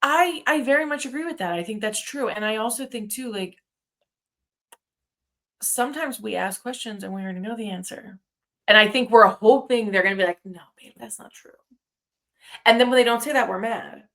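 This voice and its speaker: A woman's voice: on the high side, normal speed, a bit bright. Frank woman co-host, casual chat. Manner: frank, candid, says "babe". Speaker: podcast co-host.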